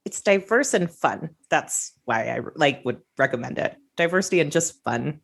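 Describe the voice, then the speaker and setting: Very low, animated woman guest. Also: normal speed, gravelly, slightly rough. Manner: giggly, uses "like" a lot. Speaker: guest podcaster. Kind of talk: casual book discussion.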